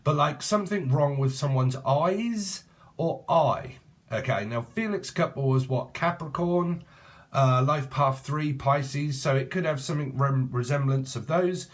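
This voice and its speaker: A man's voice: a little high, unhurried. A British man in his forties giving a rambling, jokey tarot reading full of swearing and sudden sing-song asides. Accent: British English. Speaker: tarot reader.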